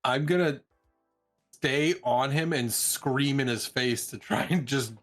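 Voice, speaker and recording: Slow, hesitant male player. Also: mid-range voice, fairly bright tone, soft background music. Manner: hesitant, laughs at himself. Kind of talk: casual tabletop play.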